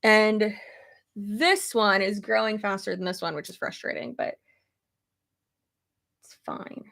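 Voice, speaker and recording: This pregnant young streamer has a gravelly, medium-pitched voice and speaks at a moderate pace. She chats casually on her livestream, laughing and cursing a lot while she animatedly spins stories.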